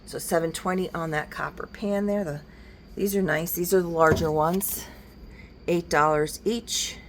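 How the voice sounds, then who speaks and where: Woman, low voice, antique shop owner, chatty walkthrough, faint room noise behind. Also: steady tone, measured pace. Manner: chatty, works out discounts aloud. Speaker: antique shop owner showing items for sale. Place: indoors in a large antique shop.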